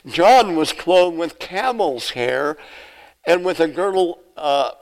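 A man's voice: a little high, expressive, slow, poor audio. A man preaching an expository sermon, reading scripture aloud and explaining it verse by verse. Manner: acts out the questioners' lines in a raised voice.

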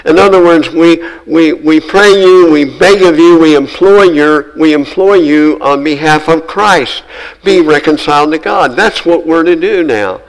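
A man preaching a sermon, earnest and emphatic, repeating phrases and slowing down to stress key words. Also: fairly high pitch, low-quality recording.

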